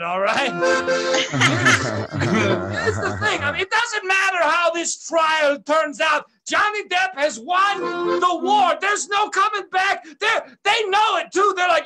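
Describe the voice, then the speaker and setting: A high-voiced man ranting through a stand-up bit, loud and crude. Accordion music plays loudly behind him in the bar. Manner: yelling rant, loose and crude. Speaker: stand-up comedian. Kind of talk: stand-up set.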